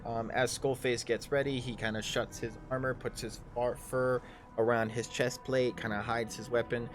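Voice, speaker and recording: Male game master, casual stop-start narration, average pitch, faint background music. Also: flat delivery. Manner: halting, loose narration full of fillers. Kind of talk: narrating a tabletop game on a livestream.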